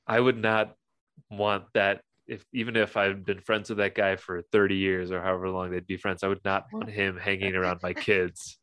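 Deep-voiced laid-back man. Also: flat delivery, moderate pace, fairly bright tone, dry recording. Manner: laid-back, agreeable, lots of yeahs and fillers. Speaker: podcast co-host. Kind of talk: casual movie chat.

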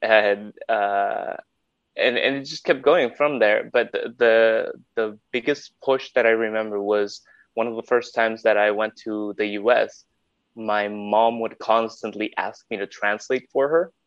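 A man's voice: on the low side, steady tone, unhurried, dry recording. Man with dry close-miked voice. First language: Spanish. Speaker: podcast guest, voiceover artist. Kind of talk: casual chat. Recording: dry, slightly dull sound.

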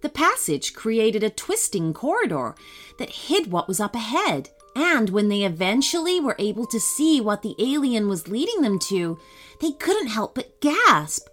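A woman narrating a children's story in an expressive, gently animated way. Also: on the high side, measured pace, soft background music.

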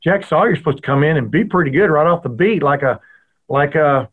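A man's voice: a little high, expressive, fairly quick, phone-quality sound. A man from Alabama, raised in Texas, with a Southern accent, joking as a co-host in casual sports talk. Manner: joking, short backchannels.

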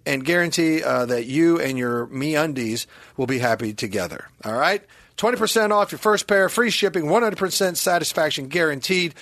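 A male podcast host with a lively, swooping voice jokes through casual banter and a playful ad read. His tone is bright and forward. The sound is dry and close. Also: a little high, no echo. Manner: jokey, playful, breaks into mock shouting.

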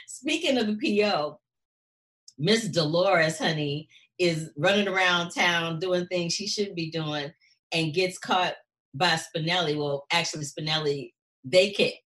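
A woman with a fairly low voice co-hosts a casual chat show. She talks in an animated way and slips into other people's voices as she retells scenes. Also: slow pace. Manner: animated, acts out characters' lines. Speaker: show co-host.

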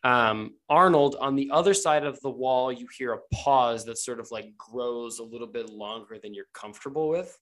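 A man's voice: mid-range voice, moderate pace, few pauses. Laid-back male game master. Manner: relaxed, joking, full of fillers. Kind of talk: narrating a tabletop game.

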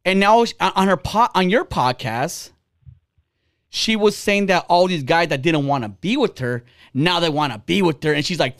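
A man's voice: a little high, lively intonation, normal speed, fairly bright tone. A man in his forties hosting a podcast, ranting bluntly and heatedly with lots of swearing. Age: 40s. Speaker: podcast host. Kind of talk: casual ranting podcast talk.

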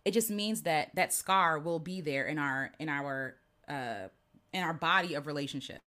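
A woman's voice: low voice, normal speed. A woman. She shares a heartfelt personal talk and keeps checking in with her listener. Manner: gentle, earnest, repeats "right?". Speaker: host.

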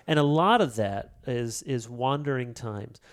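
Male interview guest, mid pitch, animated storyteller who acts out quotes. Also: unhurried. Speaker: author and pastor guest. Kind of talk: casual interview talk.

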